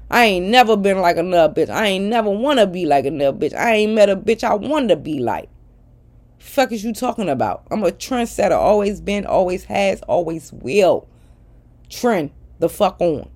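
A woman's voice: mid-range voice, a little mellow. A middle-aged woman ranting bluntly and profanely at her followers in a casual vlog. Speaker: social media personality.

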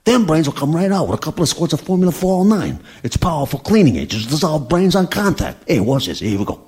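An actor playing a gruff, pushy male mobster boss with a gravelly voice in a comedy ad sketch. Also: fairly high pitch, very animated, fast talker, a little mellow. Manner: tough-guy bluster in a comedy ad parody.

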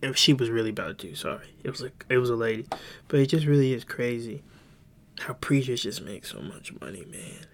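A man's voice: mid-range voice, lively intonation, brisk, gravelly, slight background noise. A man hosting a podcast, telling a story in rambling casual chat with many restarts and some swearing. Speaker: podcast host.

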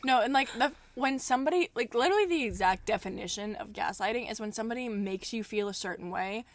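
A woman's voice: fairly high pitch, fast, no echo. Upbeat young woman podcast co-host. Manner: laughs easily, hums a thinking noise. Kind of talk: casual chat.

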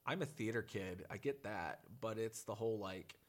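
A man's voice: lowish voice, moderate pace. A man on a podcast in casual chat, telling long rambling anecdotes about voice acting. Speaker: podcast guest.

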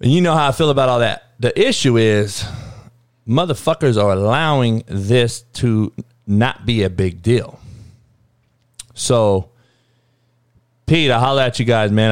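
A man's voice: medium pitch, smooth, no room sound, clean studio sound. A man hosting his own talk show, ranting heatedly and swearing constantly in street slang. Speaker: sports talk show host. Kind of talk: unscripted profane rant.

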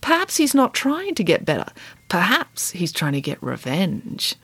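A woman voicing a dry-witted, joking mother in a read-aloud story, with deadpan, playfully absurd reasoning. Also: lowish voice, unhurried, husky, exaggerated voice. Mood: musing.

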